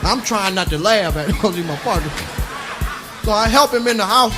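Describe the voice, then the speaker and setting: High pitched guy drawling a dirty comic tale all singsongy, music playing under him. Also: lively intonation, fairly quick. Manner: sing-song drawling delivery, breaking into laughter. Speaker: comedian telling a story. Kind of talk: profane comic storytelling.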